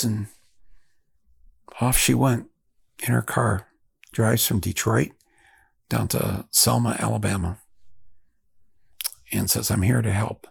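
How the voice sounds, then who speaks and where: A man, hosting a podcast and telling a long story in a reflective, halting way. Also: fairly low pitch, steady tone, vocal fry, breathy edge, no echo. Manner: reflective, halting, with fillers and restarts. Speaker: podcast host. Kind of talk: storytelling monologue.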